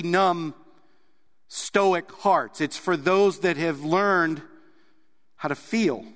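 A man preaching a sermon in an earnest way, sometimes pressing hard on a point and then dropping soft. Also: on the high side, in a large hall. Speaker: pastor.

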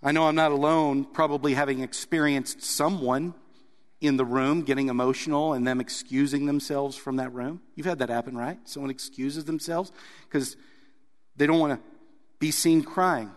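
A man preaching in an earnest voice that sits a little higher than most men's. He presses hard on key points and then eases down soft. The room around him rings with a long reverb. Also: steady tone, normal speed. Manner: earnest, rising to emphatic stresses then dropping soft. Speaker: pastor. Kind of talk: sermon.

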